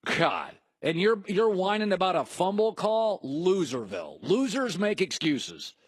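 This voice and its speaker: A sports talk show host argues emphatically, mocking his opponents while reeling off lists. His high-pitched voice is breathy at the edges, swings widely in pitch, and stays unhurried, with no echo in the recording.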